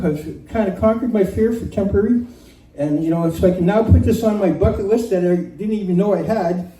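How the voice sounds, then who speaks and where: Brief: man, high soft dark voice, live storyteller, roomy off-mic sound. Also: distant mic. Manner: animated, laughs through the telling. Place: community center room. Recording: roomy hall recording from off-mic.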